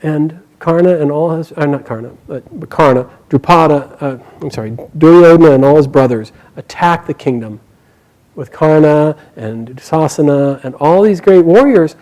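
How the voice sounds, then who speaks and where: A man retelling an epic in a lively, dramatic way, now and then stopping to correct himself. His voice sits a bit high for a man. He builds tension and then drops to a hush. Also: normal speed, low-quality recording. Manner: animated, dramatic, self-correcting. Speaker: storyteller. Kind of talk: live storytelling of an epic.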